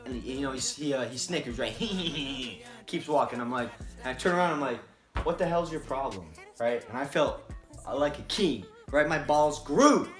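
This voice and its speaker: A man telling a personal story to camera in a casual, animated and profane way, often checking in with "right?". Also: mid-range voice, a little fast. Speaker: vlogger. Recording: roomy echo, faint music.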